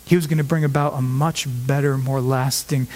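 A male pastor preaching a sermon to his congregation, emphatic, stressing words by shifting his pace and pitch. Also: fairly even intonation, brisk, darkish tone. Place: church sanctuary. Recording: long reverb of a large hall.

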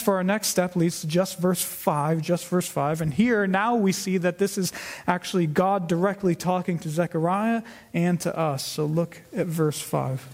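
A man's voice: sits high, darkish tone. A man teaching a Bible study, explaining the verses step by step and asking and answering his own questions.

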